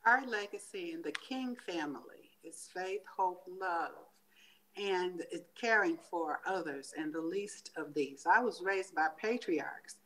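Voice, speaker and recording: Bright, measured woman with a lower voice. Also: slight background noise, low-quality recording. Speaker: interview guest. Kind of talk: answering an interview question.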